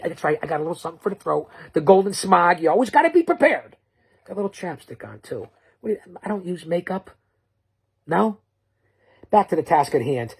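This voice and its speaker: Husky rambling trash-talk promo man. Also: a little high. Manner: bombastic, rambling, with stammered restarts. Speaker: show host promoting matchups.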